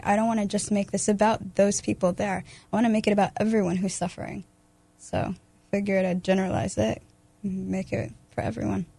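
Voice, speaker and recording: A woman, a radio guest, performing a spoken word poem with measured, intense delivery in a studio. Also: mid-range voice, warm tone, slightly rough, no room sound. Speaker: guest poet.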